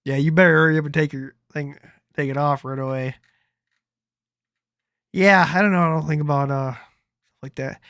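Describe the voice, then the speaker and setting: A man's voice: on the high side, steady tone, normal speed, pauses often, a bit bright, no echo, clean studio sound. A man streaming casual commentary on video clips, loose and profane, rambling through his reactions.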